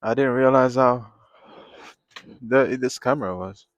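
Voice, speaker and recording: A man chatting casually on a live drawing stream, rambling and venting in animated bursts at a desk microphone at home. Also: medium pitch, a little slow, no echo, muffled recording. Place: home, at a table.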